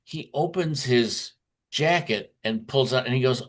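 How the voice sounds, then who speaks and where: A man's voice: medium pitch, measured pace. Chatty man telling a market story. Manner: chatty storytelling with frequent fillers and restarts. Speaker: market commentator. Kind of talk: conference talk.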